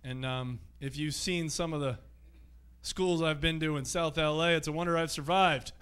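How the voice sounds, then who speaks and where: Bright-voiced man doing stand-up. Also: a little high, fairly even intonation, moderate pace, smooth. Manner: loose, profane, rambling storytelling. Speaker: stand-up comedian. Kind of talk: live stand-up set. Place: comedy club stage.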